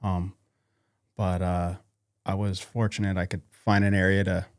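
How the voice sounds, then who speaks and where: A man from North Idaho, a podcast guest talking casually in a halting way, with many fillers and restarts. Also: sits low, little pitch movement, no echo, clean studio sound. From North Idaho, USA. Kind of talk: casual interview conversation.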